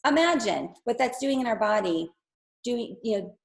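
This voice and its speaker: A woman's voice: on the high side, expressive, moderate pace, poor audio. A woman giving an enthusiastic, persuasive product presentation over a video call, talking straight to her viewers while losing her voice. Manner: enthusiastic, persuasive, addresses viewers as "you guys". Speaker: wellness presenter.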